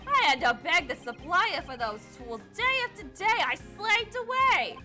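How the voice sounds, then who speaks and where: A woman's voice: very high voice, very animated, normal speed, soft background music, pitched above the performer's own voice, heavily acted. A woman voicing a tough, defiant male prisoner in a mock Brooklyn accent, reading game dialogue aloud. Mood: indignant. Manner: brash, defiant, shouting.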